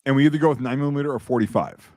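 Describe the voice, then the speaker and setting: A man's voice: mid-range voice, rapid-fire, darkish tone, dry recording. A man in casual chat as a podcast host, rambling and profane, with many restarts and fillers.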